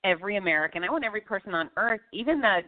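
A woman's voice: mid-range voice, very fast. A woman guest from Florida, talking fitness in a live interview, blunt and emphatic. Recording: dry, tinny phone-like line.

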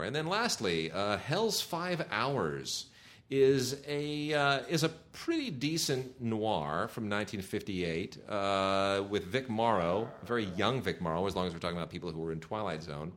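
A man's voice: lowish voice, lively intonation, normal speed, fairly bright tone. Chatty middle-aged man reviewing movies. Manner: enthusiastic, sarcastic, many fillers and restarts. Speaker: podcast co-host reviewing home video releases. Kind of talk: casual chat.

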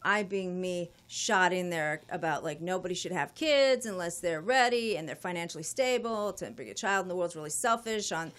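A middle-aged woman guest telling a story casually, profane and animated, often laughing. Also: fairly low pitch, normal speed, few pauses.

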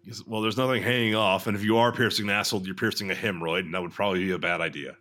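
A man's voice: lowish voice, fairly even intonation, very fast, pushed and bright. A young man co-hosting a comedy podcast, chatting casually in a blunt, boastful manner. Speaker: podcast co-host.

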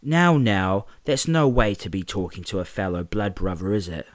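A man's voice: on the low side, big pitch swings, normal speed, no echo. A man voicing a taunting British teen bully. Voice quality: mocking, taunting, sneering. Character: menacing teenage male bully with British accent.

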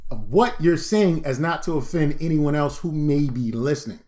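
A man in casual podcast chat with a somewhat high voice that leaps all over the place. He talks in an animated, profane, joking way, riffing on whatever comes up. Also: moderate pace. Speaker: podcast co-host.

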